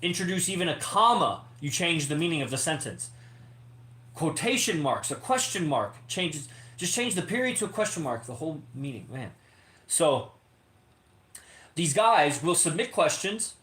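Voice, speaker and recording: A man hosts his podcast in a rambling, emphatic monologue and swears freely as he lectures. His voice sits a little high for a man. The room around him rings with echo. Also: sing-song, normal speed, a bit bright. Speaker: podcast host. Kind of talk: casual monologue to members. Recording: echoey room.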